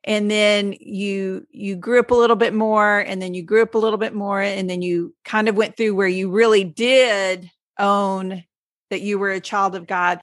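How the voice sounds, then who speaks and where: A woman's voice: medium pitch, steady tone, normal speed, dry recording, studio quality. A woman from Texas with a Texan accent, co-hosting a faith podcast with enthusiasm. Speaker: podcast co-host. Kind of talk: casual faith chat.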